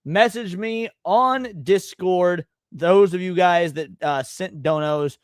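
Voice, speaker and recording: A man hosts a gaming livestream in relaxed, rambling chat and often stumbles over his words. His voice sits a little high, and the sound is dry with almost no room echo. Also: slow, clean tone. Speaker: stream host.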